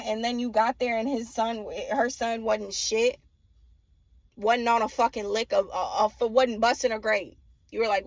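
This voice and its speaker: A woman's voice: on the high side, fairly even intonation, normal speed, no echo. A young woman giving a casual tarot reading, blunt and profane, often laughing and mimicking people. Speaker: tarot reader.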